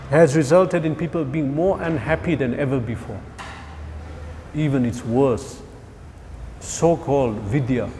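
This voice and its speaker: A man gives a lively scripture class, firing questions at his listeners and joking along the way. His voice sits a little high. The sound has a long hall echo, with faint traffic noise behind it. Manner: animated, rhetorical questions, jokes with listeners. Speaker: spiritual teacher.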